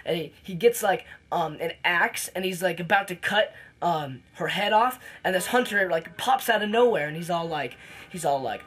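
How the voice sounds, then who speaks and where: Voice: mid-range voice, moderate pace, pushed and bright, faint music behind, rough recording. A casual movie reviewer retelling a plot in a rambling way, full of fillers and restarts.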